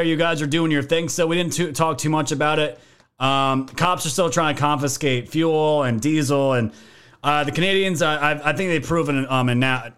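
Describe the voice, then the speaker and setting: A man's voice: a little high, a bit bright, smooth. A man hosting a podcast, giving casual political commentary in a joking, profane way. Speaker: podcast host.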